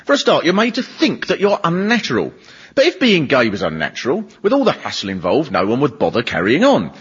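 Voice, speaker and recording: A man's voice: medium pitch, wildly swooping pitch, fairly quick, fairly bright tone, slightly rough. A British man doing a stand-up comedy monologue in a mocking tone, often slipping into silly voices. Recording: lo-fi TV recording, audience laughing.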